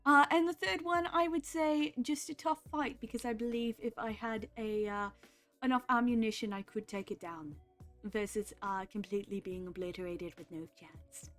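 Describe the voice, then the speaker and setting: Stream host, woman, playful and giggly, a bit high-pitched. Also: fairly even intonation, moderate pace, fairly bright tone, soft background music. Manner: playful, laughs often. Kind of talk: casual stream chat.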